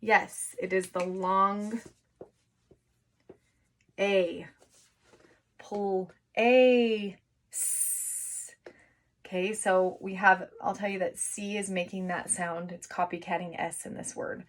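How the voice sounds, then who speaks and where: Encouraging teacher sounding out words. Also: female voice, lowish voice, level tone, a bit bright. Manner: encouraging, sounds words out slowly and stretches syllables. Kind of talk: remote phonics and writing lesson for young children.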